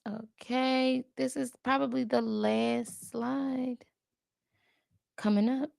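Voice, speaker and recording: A woman chats casually to her viewers while she studies, thinking out loud and sounding out each word with care. Her voice has a gravelly edge, and she talks very slowly. The sound is close and dry. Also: high-pitched, fairly even intonation, no room sound. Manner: thinks aloud, chatty, talks to viewers as "y'all"; careful halting tries at Spanish words. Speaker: language learner vlogger. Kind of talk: casual chat while studying.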